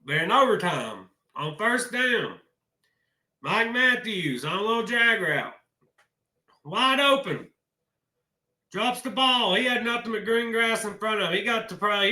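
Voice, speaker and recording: Heartbroken man with a bright voice. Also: sits high, animated, moderate pace, echoey room. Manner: emotional, folksy, addresses viewers as y'all. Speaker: college football commentator. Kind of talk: casual sports vlog.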